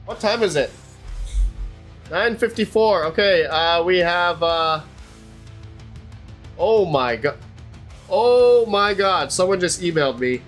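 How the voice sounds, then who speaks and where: Chatty livestream host, faint music behind. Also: male voice, high voice, expressive, slow pace, pauses often, a bit bright. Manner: chatty, talks to viewers while working on hardware. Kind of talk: casual livestream chat.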